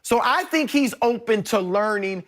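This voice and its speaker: A middle-aged man, a sports debate panelist, laying out his case in a measured, explanatory way. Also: high-pitched, animated, a bit bright. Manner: measured, explanatory, with frequent restarts.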